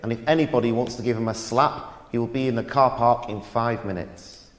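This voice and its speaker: A man's voice: medium pitch, fairly even intonation, fairly quick, lightly acted. A man as a blunt, apologetic club compère. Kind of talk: stage announcement. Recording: echoey hall, faint noise.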